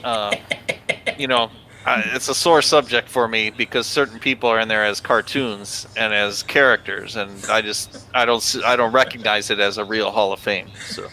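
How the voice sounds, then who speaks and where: A man joining a casual chat as a guest, who answers in a dry, deadpan way. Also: on the low side, normal speed, a little hiss or hum.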